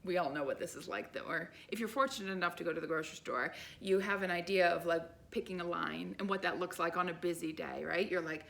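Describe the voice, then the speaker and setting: A woman life coach telling a story to camera in an animated, chatty way, full of "like" and "right?". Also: lowish voice, fairly quick, creaky.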